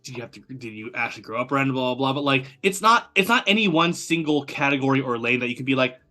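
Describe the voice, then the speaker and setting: A man's voice: mid-range voice, soft background music. A young adult man from the United States, a guest talking animatedly in a casual chat, with lots of fillers. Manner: animated, quick and chatty, many fillers.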